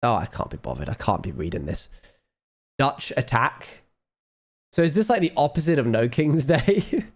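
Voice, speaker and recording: Rambling, under-the-weather streamer. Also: male voice, mid-range voice, very animated, normal speed. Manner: rambling, self-mocking, trailing off. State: ill, low on energy. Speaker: live streamer. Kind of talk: casual chat.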